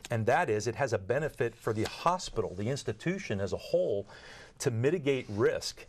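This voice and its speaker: A man's voice: medium pitch, expressive, fairly quick, a little hiss or hum. A man being interviewed as an expert guest, explaining earnestly through examples and often repeating words as he restarts. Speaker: guest expert on nurse communication training.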